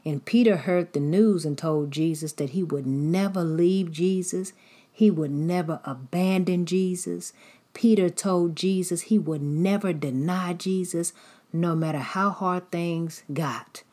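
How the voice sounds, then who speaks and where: Low, husky woman preaching. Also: unhurried, warm tone. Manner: repetitive, rhythmic preaching cadence. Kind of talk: sermon.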